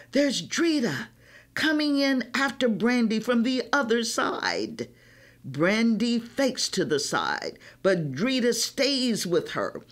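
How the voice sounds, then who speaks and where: Woman, storybook reading, lively rising and falling pitch, slow pace, expressive first-person telling. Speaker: reader. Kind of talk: reading a children's novel aloud.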